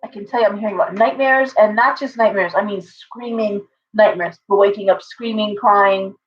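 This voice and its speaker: A woman's voice: mid-range voice, normal speed, lo-fi sound. A woman hosting a casual livestream from home, chatting in a rambling way with viewers and her pet bird. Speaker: livestream host and tarot reader.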